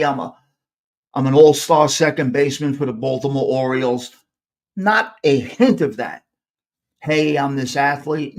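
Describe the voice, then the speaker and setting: A middle-aged man with a New York accent, hosting a live podcast and telling rambling stories with many restarts. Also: a little high. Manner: rambling, self-interrupting, animated storyteller. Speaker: podcast host. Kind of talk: casual storytelling on a live podcast.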